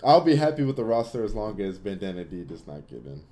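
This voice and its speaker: A young man hosts a laid-back livestream Q&A, answering viewers with blunt, opinionated takes and loose, rambling filler. His voice sits low, and its tone is dark and mellow. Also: big pitch swings, fast. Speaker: livestream host answering chat. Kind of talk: casual Q&A livestream chat.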